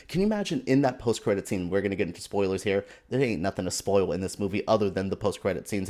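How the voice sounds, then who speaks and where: A man giving a casual, animated and exasperated opinion rant as a film commentator, with sarcastic asides. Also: medium pitch.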